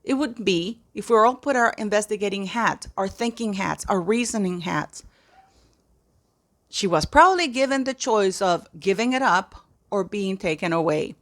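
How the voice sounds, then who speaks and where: A woman's voice: medium pitch, lively intonation, normal speed. A woman giving impassioned, indignant commentary to her viewers, often repeating phrases for emphasis. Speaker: commentary vlogger.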